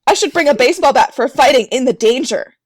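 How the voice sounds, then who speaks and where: A woman voicing an earnest nine-year-old girl hero in a comedic fanfiction reading, with a high, eager, childlike delivery. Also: quick pace, slightly rough.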